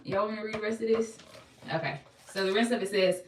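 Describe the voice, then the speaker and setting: A woman's voice: medium pitch, fairly even intonation, fast. Preachy young woman, echoey distant mic. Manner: emphatic, repetitive, call-and-response. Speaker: motivational live-streamer. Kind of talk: preachy live-stream pep talk. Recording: echoey room, far from mic.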